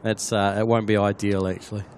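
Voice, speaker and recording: A man's voice: lowish voice, flat delivery, a little fast, a little mellow, a little hiss or hum. A man with a New Zealand accent hosting a casual plane-spotting live stream, chatting and answering viewers by name.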